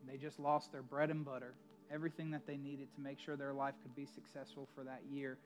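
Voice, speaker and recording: A man's voice: mid-range voice, flat delivery, brisk, faint music behind. A male pastor preaching a sermon in a conversational storytelling way, with emphatic asides to the congregation.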